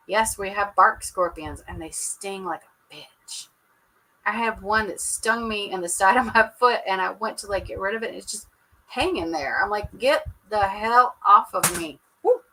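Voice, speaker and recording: Chatty woman host, bright clear voice, casual home livestream from a computer mic. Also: mid-range voice, moderate pace, rough recording. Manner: chatty, laughs often, Southern "y'all". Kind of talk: casual livestream chat with viewers. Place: at home indoors. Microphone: computer webcam mic.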